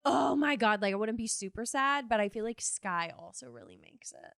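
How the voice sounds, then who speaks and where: A woman's voice: on the high side, expressive, a little fast, bright, forceful tone, clear, resonant tone, no echo, clean studio sound. A young woman hosting a podcast, chatting casually and giggly with lots of filler words. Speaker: podcast host. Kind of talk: casual chat.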